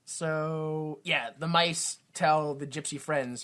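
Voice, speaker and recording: Recapping a movie on a comedy podcast he co-hosts, a man keeps it casual, slipping into quick silly character voices and laughing a lot. He has a fairly high-pitched, slightly bright voice.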